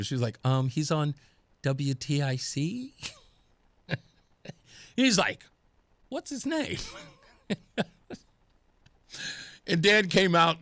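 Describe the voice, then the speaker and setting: A man's voice: on the high side, dry recording. A man hosting a talk radio show, telling stories with laughs, his throat scratchy from pollen. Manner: animated, laughing storyteller. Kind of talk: casual talk radio monologue. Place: radio studio. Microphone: studio microphone.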